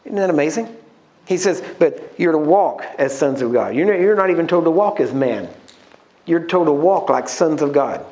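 A man preaching a sermon, emphatic, slowing down to stress key words and asking the congregation questions. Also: a little high, lively intonation, darkish tone.

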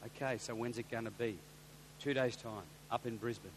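A man with an Australian accent, a pastor telling a story in a sermon, animated and shifting from quiet to loud. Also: mid-range voice, moderate pace. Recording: long hall reverb, faint hum.

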